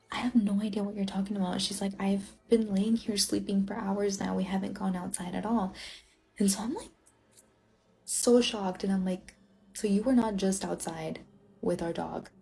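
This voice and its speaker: Young woman telling her ghost story, lots of "like", mid pitch. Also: fairly even intonation, moderate pace, gravelly, warm tone. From Illinois. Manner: rambling, many "like" fillers. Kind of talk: casual first-person ghost story.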